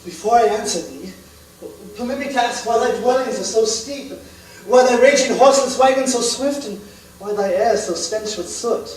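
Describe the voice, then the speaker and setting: A man's voice: very high voice, normal speed. A man playing an earnest medieval servant lost in modern times, speaking in formal, archaic, courtly tones on a theater stage, recorded from a distance. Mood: solemn. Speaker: stage actor. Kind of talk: live stage musical dialogue. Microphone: far room mic. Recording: echoey stage from far off.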